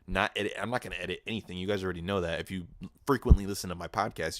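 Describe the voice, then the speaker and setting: Young guy rambling on his podcast, low voice, swears constantly, dead dry sound. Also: quick pace, no echo. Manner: profane, animated ranting with mocking voices. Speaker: podcast host. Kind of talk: casual solo podcast rant. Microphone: podcast microphone.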